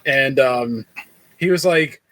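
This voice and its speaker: A man's voice: medium pitch, slow, a bit bright, dry recording, poor audio. Laid-back man, dry close voice. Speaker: podcast co-host. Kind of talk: casual chat.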